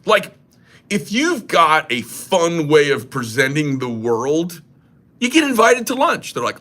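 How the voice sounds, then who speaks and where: A man's voice: on the high side, very animated, takes it slowly, sharp tone. A man who makes knives hosting a casual livestream, rambling and joking crudely. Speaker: knife maker and shop host.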